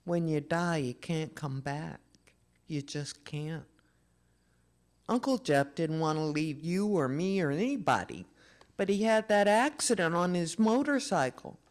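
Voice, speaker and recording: A reader voicing a gentle older boy comforting his little brother, with a thick, soft, quiet voice. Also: medium pitch, lively intonation, a little slow, close to an everyday voice.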